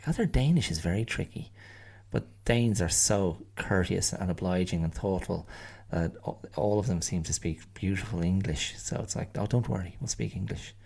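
A man's voice: sits low, normal speed, gravelly, a little mellow, husky. A middle-aged Irish man hosting a solo podcast, musing in a rambling, wry way and often restarting his phrases. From Ireland. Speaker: podcast host.

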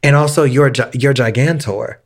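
A young man co-hosting a podcast, talking in a mid-range voice at an ordinary pitch. He tells his story in loose, casual chat, swearing freely. He puts on the voices of the people he quotes to make it more dramatic. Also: moderate pace, a little hiss or hum. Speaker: podcast co-host.

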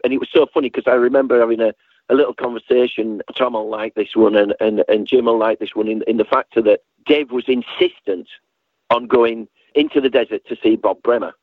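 A man's voice: mid-range voice, no echo. A man telling a rambling story in an interview, often restarting sentences and acting out the voices of others. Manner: animated storyteller, acts out voices, frequent restarts. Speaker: guest recalling a late friend. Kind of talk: rambling spoken reminiscence. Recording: tinny phone-line sound, dry.

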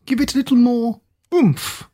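A woman voicing a towering, stern music teacher who booms in a flat monotone. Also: measured pace. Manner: booming, monotone.

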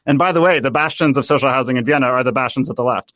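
A man from the United States, a guest in a political interview, talking in an animated way and thinking aloud with many fillers. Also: medium pitch, racing, hardly any pauses, no room sound. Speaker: guest author.

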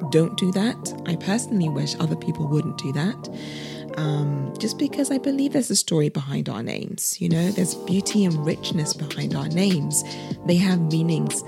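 Her deep, gravelly voice carries this podcast, where a young Nigerian-heritage British host eases in casually before earnestly reading a reflective essay.

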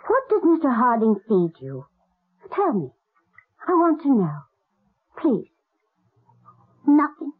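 A woman playing a gentle, grieving lady of the house in a 1970s radio drama, breathy and tearful. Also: on the high side, huge pitch swings, takes it slowly, long pauses, heavily acted. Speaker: Lady Emily. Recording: tinny lo-fi old radio broadcast.

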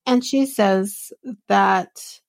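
A woman hosts a podcast recap in a loose, chatty way, full of fillers and quick asides. Her voice sits at a middle pitch, and the recording is dry and close with no room around it. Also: dry recording. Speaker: podcast host recapping a reality show. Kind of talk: casual recap chat.

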